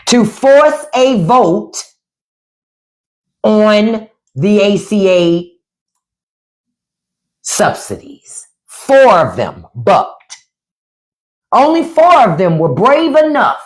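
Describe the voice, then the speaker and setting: A middle-aged woman talks politics on her livestream with a lively pitch that swings up and down. She is blunt and profane and keeps slipping into mocking voices of the people she discusses. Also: slow, pauses often. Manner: animated, blunt and profane, mimicking others. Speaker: livestream host. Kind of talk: casual political commentary livestream.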